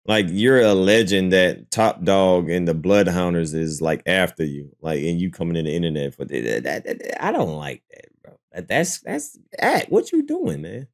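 A man does casual reaction commentary on clips during a live stream, speaking at a moderate pace. He mocks what he sees with lots of energy, breaking into high-pitched squeals of disbelief.

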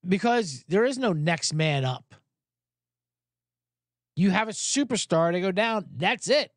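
A man's voice: sits high, lively intonation, measured pace, dry recording, clean studio sound. A man hosting a sports betting podcast, talking in a rambling, profane, casual way.

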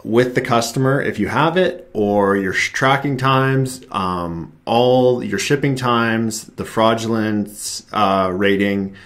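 A man hosting a casual video chat in a relaxed way, with short affirmations. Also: fairly low pitch, slow pace, hardly any pauses. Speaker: video host.

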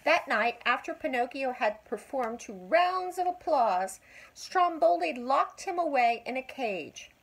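Older woman reading a storybook slowly. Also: sits high, husky, poor audio. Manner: slow, expressive, drawn-out emphasis. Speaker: grandmother reading aloud. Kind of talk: storybook read-aloud with asides to a child.

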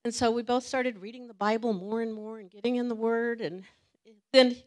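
A woman's voice: a little high, steady tone, normal speed. Earnest woman giving a church testimony. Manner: earnest, emotional, laughs often. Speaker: church greeter sharing testimony. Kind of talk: personal testimony. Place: church meeting room with audience.

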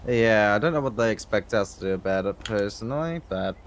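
Calm, low-voiced man playing a cop. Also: fairly quick, a little hiss or hum. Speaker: roleplayer playing a police officer. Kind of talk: in-character improvised game roleplay.

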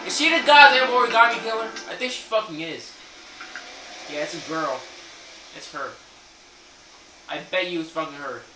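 A man commentating on gameplay, cursing loudly and laughing with frequent outbursts. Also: high-pitched, normal speed, pauses often, far from the mic. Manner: profane, loud outbursts, laughing. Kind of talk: let's play commentary. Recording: echoey room, game music behind.

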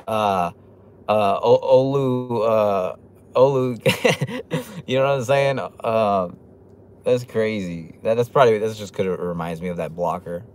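A man's voice: lowish voice, darkish tone. A man hosting a casual livestream, reading chat comments aloud with loose, profane talk and lots of laughs. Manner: fillers and restarts, laughs often. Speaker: livestream host.

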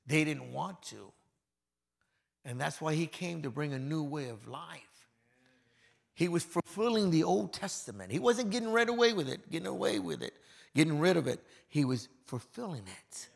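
Man, pastor, sermon, acted-out quotes, quiet to loud swings, church hall. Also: fairly high pitch, gravelly.

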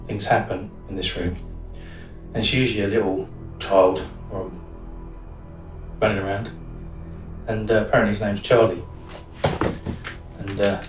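An actor playing a guide in a haunted attraction who calmly coaxes a blindfolded guest through a room. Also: male voice, fairly low pitch, close to an everyday voice. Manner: calm, coaxing instructions. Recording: distant, echoey over loud music.

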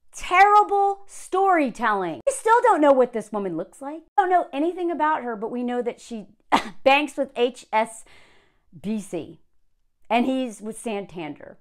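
A woman reacting to a story she reads aloud, sarcastic and easily worked up. Her voice sits high and swings widely as she talks. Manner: sarcastic, animated, gets worked up. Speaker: video commentator.

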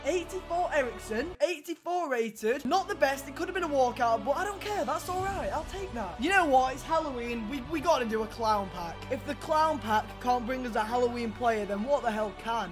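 High-voiced excitable young man gaming. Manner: loud, excitable, shouts and laughs at reveals. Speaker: gaming YouTuber. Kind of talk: excitable pack-opening commentary. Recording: music playing behind. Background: background music.

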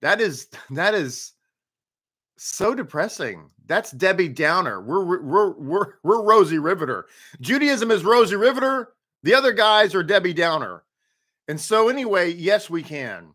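A rabbi teaching to his online viewers, upbeat and chatty, who keeps putting rhetorical questions to them. His voice is bright and forward and sits somewhat high for a man. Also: big pitch swings, a little slow. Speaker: rabbi teaching a daily Torah study. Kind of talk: live-streamed teaching and greetings to viewers.

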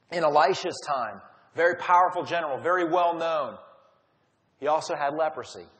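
A man leading a Bible study in a conversational teaching style, retelling stories and acting out quotes. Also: fairly high pitch. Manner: storytelling, acts out quotes. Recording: long hall reverb.

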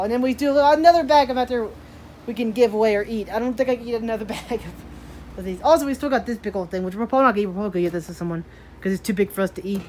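A woman's voice: a little high, a little mellow. A young woman vlogging at her rural home, chatting in a rambling way and talking to her pets. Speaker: daily vlogger. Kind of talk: casual vlog chat.

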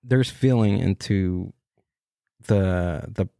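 A man's voice: low-pitched, very slow, gravelly, mellow, no room sound, studio quality. A man hosting a podcast in casual chat, laid-back and trailing off mid-sentence. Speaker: podcast host.

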